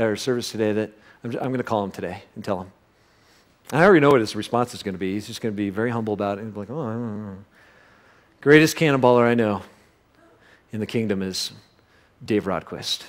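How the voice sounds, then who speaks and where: A pastor moves at a quick pace through a sermon, telling a lively story. He erupts in sudden loud bursts before dropping soft and low to reflect.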